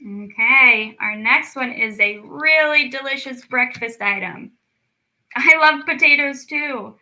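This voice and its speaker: A speech clinic storytime teacher leads a children's lesson on clapping out syllables, her high-pitched, bright voice caught on a rough recording. She talks slowly, drawing out words encouragingly for the kids.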